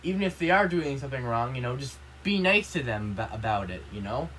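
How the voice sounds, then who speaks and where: A man's voice: medium pitch, expressive, fairly quick, sharp tone, a little hiss or hum, low-quality recording. A young man vlogging an earnest, rambling rant, with constant "you know" and "like" fillers. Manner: earnest and upset. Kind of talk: casual rant to camera.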